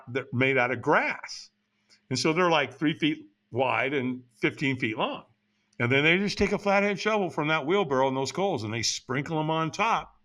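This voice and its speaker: An American man in middle age tells a story as an interview guest, his pitch swinging widely as he builds the drama. His voice sits a little high and sounds bright and forceful. He acts out the lines of the people in his story. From United States. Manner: animated, acts out other people's lines in a raised voice. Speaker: podcast guest.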